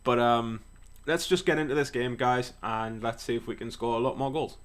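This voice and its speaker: A young man giving casual, excitable play-by-play commentary on a football management game, swearing now and then. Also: mid-range voice, normal speed, a little hiss or hum. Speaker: gaming YouTuber.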